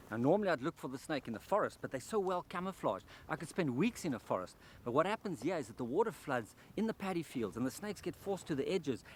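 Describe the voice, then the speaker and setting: A man's voice: mid-range voice, a little hiss or hum. A man presenting a wildlife documentary outdoors by rice paddies, explaining and exclaiming with enthusiasm.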